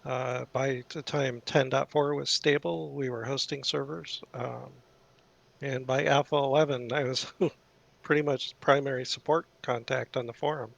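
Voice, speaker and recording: A man with a gravelly, creaky voice explains how to run game servers on a casual voice chat. He speaks in a knowledgeable, matter-of-fact way, with plenty of fillers. His pitch sits in an ordinary middle range. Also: steady tone, a little slow, a bit bright. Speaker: veteran server admin and forum moderator.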